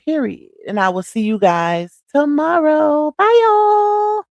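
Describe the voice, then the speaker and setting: A middle-aged woman hosting a casual livestream, preachy and animated, talking in a slangy, familiar way to her viewers. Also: on the high side, a little slow, vocal fry, no echo. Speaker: livestream host. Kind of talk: casual live-stream chat.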